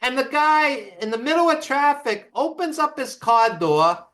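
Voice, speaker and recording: A man telling road stories as the guest of an interview, animated and quick to act out quotes. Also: very high voice. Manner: animated anecdotes with acted quotes and laughs. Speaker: author and wrestling writer, guest. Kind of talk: casual storytelling interview.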